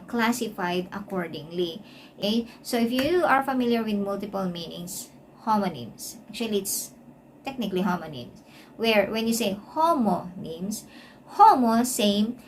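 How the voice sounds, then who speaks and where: A woman's voice: mid-range voice, a little hiss or hum. A woman teaching an English lesson, spelling out words letter by letter and often checking in with "okay?". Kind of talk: explanatory lesson.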